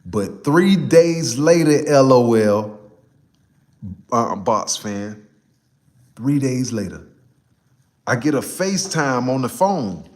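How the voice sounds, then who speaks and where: A young man, casually telling a personal story to a live chat, animated and repeating himself for emphasis. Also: mid-range voice, takes it slowly, long pauses, reverberant.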